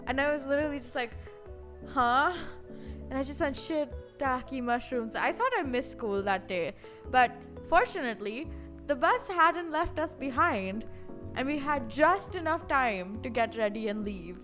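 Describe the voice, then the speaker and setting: A woman's voice: high-pitched, lively intonation, normal speed, a bit bright, soft background music. A woman streaming casually, rambling and chatty with lots of filler words. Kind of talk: casual live-stream chat.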